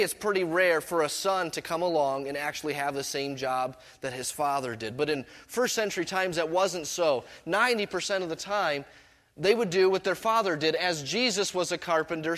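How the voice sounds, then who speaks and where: A man's voice: a little high, moderate pace, fairly bright tone. A middle-aged man preaching a sermon as pastor, mixing scripture with personal stories in a conversational way. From Canada.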